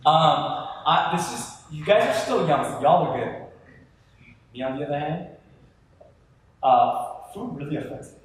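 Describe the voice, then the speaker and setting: A male pastor preaching a sermon to a live audience, animated and chatty, talking straight to the crowd. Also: on the high side, measured pace, long pauses, a little hiss or hum. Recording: echoey hall from far off.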